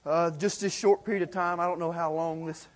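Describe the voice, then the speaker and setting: A man preaching a sermon in a folksy, excitable storytelling way, with many fillers, acting out the lines of the people in the story. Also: on the high side, fairly quick.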